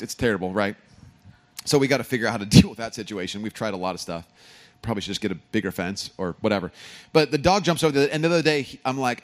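Man preaching a joking sermon. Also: medium pitch. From California. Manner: storytelling, joking asides, animated emphasis. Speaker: pastor.

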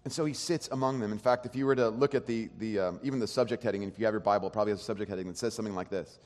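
Animated preaching man in a reverberant hall. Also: fairly low pitch, racing. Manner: animated, swings from hushed to loud. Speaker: pastor. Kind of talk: sermon.

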